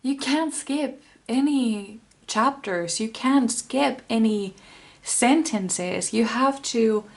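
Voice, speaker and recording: A woman giving a casual tarot reading to camera, rambling with many fillers and restarts and sometimes dropping to a soft whisper. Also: on the high side, slow pace. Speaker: tarot reader.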